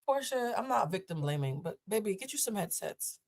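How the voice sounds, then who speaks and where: A woman's voice: medium pitch, sing-song, a little fast, darkish tone. A woman from Boston hosting a live stream, reacting bluntly and profanely to a viral clip and laughing often. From Boston, USA.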